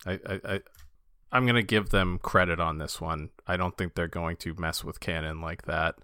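Low voiced guy with a bright crisp tone, chatty and excited, lots of ums. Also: moderate pace, no echo, studio quality. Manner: enthusiastic, hesitant with fillers. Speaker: podcast co-host. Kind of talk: casual fan chat.

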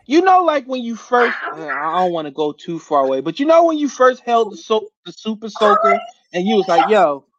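A man's voice: sits high, a little fast, no room sound. Hype-talking male live-stream host. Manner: excited, hype, slangy. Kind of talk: casual live-stream interview. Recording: dull audio with loud noise.

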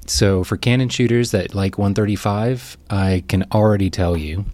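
Man, very deep voice, dry close sound, casual podcast chat, talks with fillers. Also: moderate pace, a little mellow, no room sound. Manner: chatty, thinks aloud with fillers. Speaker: podcast co-host.

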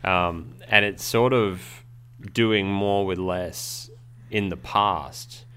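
A man co-hosting a craft podcast in relaxed, casual chat, joking dryly and laughing often. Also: low voice, drawn-out words, clean tone. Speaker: podcast co-host.

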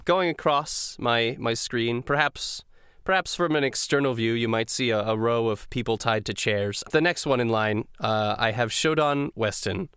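A man narrating a tabletop game as game master, hesitant, often restarting and jumping in pitch. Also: normal speed, few pauses, smooth, no echo, studio quality. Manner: hesitant, many fillers and restarts, animated pitch jumps.

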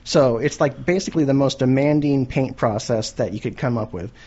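Casual shop talker, thirties, husky, explains plainly, dull recording. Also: male voice, medium pitch, brisk, mellow. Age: 30s. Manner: explains technical steps plainly, swears casually. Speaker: guest, custom chrome paint specialist. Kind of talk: casual podcast chat.

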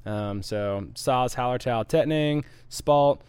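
Guy with a smooth clear voice, dry close sound, easygoing beer stream chat. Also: mid-range voice, takes it slowly, a little mellow, dry recording. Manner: easygoing, explanatory, reads viewer comments. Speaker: co-host of a live homebrewing stream. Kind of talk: casual live-stream chat.

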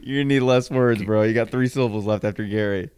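A man's voice: fairly low pitch, quick pace, a little mellow, smooth. A man co-hosting a sports podcast in casual, joking chat, teasing his partner and laughing often. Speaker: podcast co-host.

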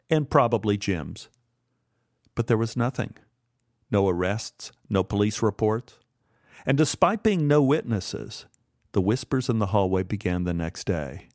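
A man in his sixties narrating his memoir in a wry, measured storytelling manner. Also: lowish voice, darkish tone, dry recording, studio quality.

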